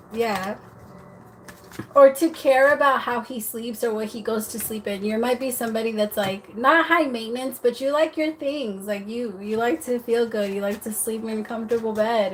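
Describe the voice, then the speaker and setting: A woman's voice: a little high, steady tone, moderate pace, a little hiss or hum. A woman giving a casual livestream tarot reading, chatty and giggly, with lots of fillers and restarts. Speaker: tarot reader.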